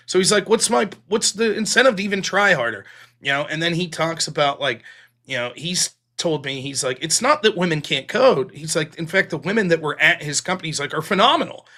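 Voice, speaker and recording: A man with a high, bright voice hosts a political call-in show. He talks in loose, casual stretches, swears freely, and rambles through secondhand stories. His tone stays conversational and unscripted. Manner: profane, rambling storytelling retelling others' words.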